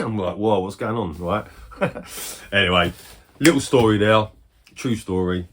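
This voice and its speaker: A man in his forties chatting casually as a retro game collector, rambling through stories, swearing freely and breaking into quick bursts of excitement. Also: fairly low pitch, breathy edge. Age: 40s. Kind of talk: casual chat.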